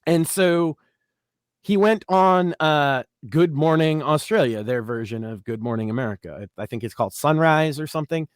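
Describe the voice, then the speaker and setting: Male co-host, fairly high voice, opinionated and ranting, casual show chat. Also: normal speed, clean tone, no room sound, studio quality. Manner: opinionated, ranting, mocking quotes. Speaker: podcast co-host.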